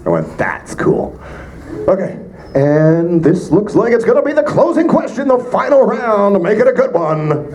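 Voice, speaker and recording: A Canadian voice actor answering fan questions at a convention panel, joking with quick asides. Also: male voice, high voice, sing-song, darkish tone, poor audio. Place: convention panel room with audience. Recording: live room with crowd noise.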